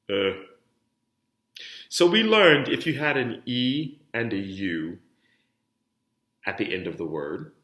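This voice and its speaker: Slow, bright-voiced man teaching diction. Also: sits low. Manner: drills words with strong emphasis, then explains softly. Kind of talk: French pronunciation lesson. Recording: roomy echo.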